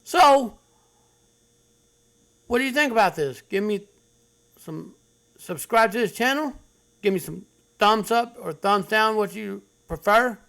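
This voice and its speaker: A man's voice: high voice, lively intonation, measured pace, gravelly, long pauses, a bit bright. A man hosting his own channel, giving blunt, preachy commentary on stories he reads out, lecturing with heavy emphasis. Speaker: channel host. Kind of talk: commentary on read-aloud online stories.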